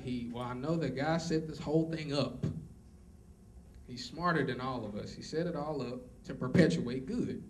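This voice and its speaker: A man's voice: medium pitch, a little mellow. A man delivers a motivational talk at a college event. He hammers his points home with preacher-like repetition and slips in joking asides. The mic sits at a distance, and a faint hiss runs underneath. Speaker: motivational speaker. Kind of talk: motivational speech.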